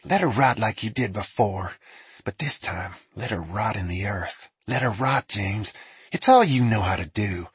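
A man voicing a bitter, taunting male prisoner in a Western storybook reading, with a soft, hissing voice. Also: on the low side, lively intonation, a little slow, slightly rough, no room sound, full character voice.

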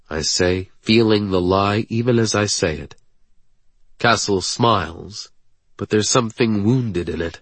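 A man's voice: low voice, measured pace, a bit bright, slightly rough, dry recording. A man narrating an audiobook in the first person, brooding, clipped and intense.

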